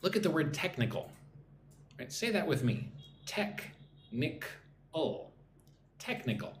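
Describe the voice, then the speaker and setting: A man teaching English on a live stream, drilling phrases slowly and greeting viewers from the chat, a little sleepy. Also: fairly high pitch, very animated. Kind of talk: live-streamed pronunciation lesson. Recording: echoey room with faint background noise.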